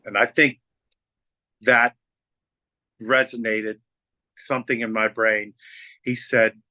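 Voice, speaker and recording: A man hosting a team call, telling a moving story in a halting way with many fillers and restarts. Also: fairly low pitch, level tone, pushed and bright, dry recording. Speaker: team leader hosting a family night call. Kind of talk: emotional storytelling to his team.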